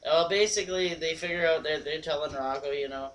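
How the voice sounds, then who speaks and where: A man's voice: fairly high pitch, steady tone, brisk, a bit bright, recorded from a distance, rough recording. Laid-back man co-hosting a movie chat. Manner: laid-back, agrees a lot, swears casually. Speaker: movie review podcast co-host. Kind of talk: casual chat retelling a movie.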